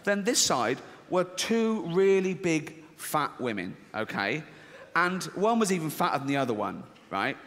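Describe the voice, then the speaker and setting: An English comedian tells a story on stage with a crude, sardonic edge. His fairly high voice swoops around animatedly. The live recording carries a long hall reverb and clear crowd ambience. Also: very animated, measured pace, a bit bright. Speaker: stand-up comedian. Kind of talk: stand-up comedy. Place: large theatre stage.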